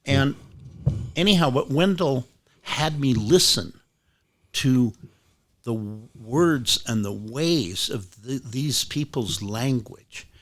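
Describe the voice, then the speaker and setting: A man's voice: medium pitch, lively intonation, slow. Rambling older man telling stories. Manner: rambling anecdotal, swears freely, many restarts. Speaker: rare bookseller and book club guest. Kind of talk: casual storytelling chat.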